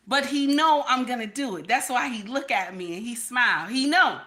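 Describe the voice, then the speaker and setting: Blunt, bright-voiced woman streamer. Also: on the high side, animated, normal speed, few pauses. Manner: blunt, repetitive, checks in with "okay?". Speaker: livestream host. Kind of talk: candid livestream talk to chat.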